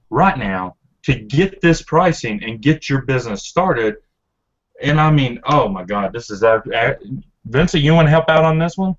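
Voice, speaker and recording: A man giving an upbeat, pushy sales pitch on a webinar, over dull lo-fi audio. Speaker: presenter.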